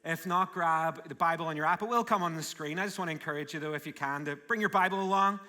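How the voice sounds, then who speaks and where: A male pastor with a Northern Irish accent preaches live from a church stage. His voice sits a little high and rings bright and forceful, and his delivery is energetic and full of jokes. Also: fast talker. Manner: warm, joking and energetic. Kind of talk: live sermon. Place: large church auditorium.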